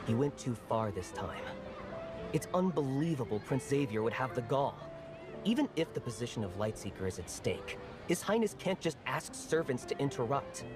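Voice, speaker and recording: An actor voicing a meddling, smooth-talking young male knight in a game, with a persuasive delivery. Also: mid-range voice, very animated, moderate pace, over music, lightly acted.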